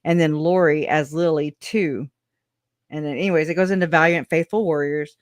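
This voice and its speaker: A woman's voice: low voice, steady tone, moderate pace, dry recording, studio quality. A woman hosting a true-crime livestream, reading case notes aloud in a casual, chatty way with sarcastic asides and slang. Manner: chatty and sarcastic, with frequent laughs; informal slang, says y'all.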